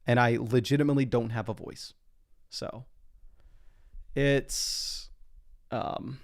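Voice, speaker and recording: A man's voice: medium pitch, steady tone, slow. A young man streaming live from his desk, chatting casually through a fantasy football draft and reading out viewer comments. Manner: chatty, reads chat comments aloud. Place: home desk.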